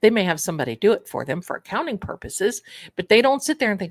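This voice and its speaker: A woman's voice: mid-range voice, very animated, fast talker, no echo. A woman hosting a manifestation and tarot show, telling stories in a casual livestream chat and calling her viewers darlings. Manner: chatty storyteller, addresses viewers as darlings.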